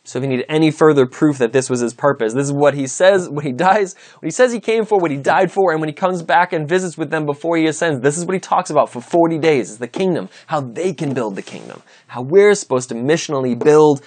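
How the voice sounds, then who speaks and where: Guy preaching a sermon, reads verses and riffs on them, gets loud and high on the shouty bits. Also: fast talker, hardly any pauses. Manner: animated preaching, voice rising for quoted shouts; reads scripture aloud with commentary. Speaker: pastor.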